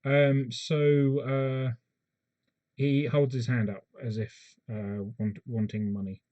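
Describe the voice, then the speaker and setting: Brief: game master narrating a scene, halting with fillers. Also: male voice, mid-range voice, level tone, dark tone, dull audio. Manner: hesitant, many fillers, laughs easily.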